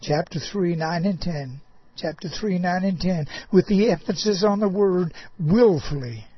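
A man's voice: sits high, unhurried, slightly rough, dry recording, highs cut off. A man preaching a folksy sermon, talking directly to an apostle, drawling and chuckling with frequent "oh" interjections.

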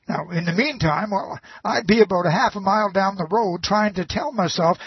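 A man delivers a folksy sermon in a husky, fairly high voice, taking his time with long, drawn-out phrases. He drops homespun asides between points. The sound is dry and a bit muffled. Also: no echo. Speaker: preacher.

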